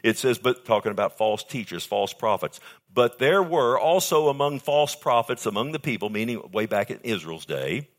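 Emphatic male preacher, hushed to loud. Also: mid-range voice, animated, normal speed, few pauses. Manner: asks the audience questions. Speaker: pastor. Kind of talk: sermon.

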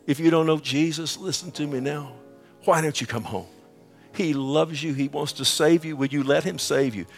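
A middle-aged man preaching a sermon with an altar call, swinging between booming quoted scripture and hushed, whispered pleading. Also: steady tone, normal speed, vocal fry. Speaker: pastor. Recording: faint music underneath.

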